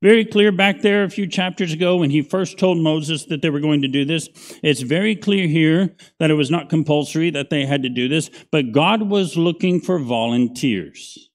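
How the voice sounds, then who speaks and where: A man's voice: on the high side, normal speed. A middle-aged man, a pastor teaching a Bible study in a conversational, folksy way, often checking in with "right?".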